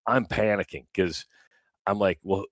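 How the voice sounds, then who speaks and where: Radio co-host, male, very low voice, dry studio sound, lively storyteller. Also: unhurried, no room sound. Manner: animated, acts out quoted voices. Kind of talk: casual storytelling on morning radio.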